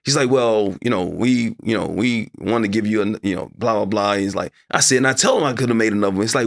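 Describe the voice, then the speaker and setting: A middle-aged man, a broadcaster appearing as an interview guest, tells a personal story with animation, acting out his own past dialogue and letting his voice climb high when upset. His voice is gravelly and quick, with few pauses. The recording is clean studio sound with no room sound.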